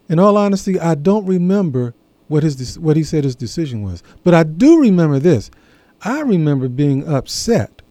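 A man telling a personal story in a reflective monologue, earnest and measured, pausing between phrases. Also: sits high, warm tone, no room sound. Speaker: speaker sharing a personal story.

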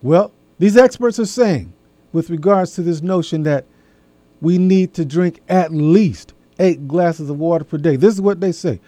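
Middle-aged guy hosting, slow folksy talk, repeats stuff for emphasis, dry close sound. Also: fairly high pitch, mellow, no echo. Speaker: host. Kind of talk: casual talk to an audience.

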